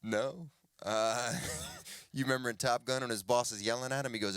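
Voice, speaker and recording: A man's voice: mid-range voice, fairly even intonation, normal speed, a bit bright, smooth, no echo, studio quality. A middle-aged man born in Cuba, performing a stand-up comedy set and acting out other people's voices.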